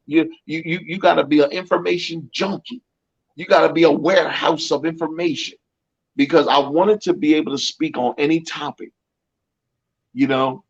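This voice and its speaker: A man's voice: on the high side, steady tone, moderate pace, breathy edge, highs cut off. A middle-aged male coach speaking in an interview, emphatic and repetitive with a preacher-like cadence and many restarts. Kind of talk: motivational interview talk.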